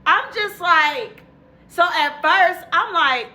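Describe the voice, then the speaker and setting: A woman's voice: very high-pitched, takes it slowly. A young woman, casually telling a story with lots of cursing, fillers and acted-out quotes. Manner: animated, acts out quotes, heavy cursing, many fillers.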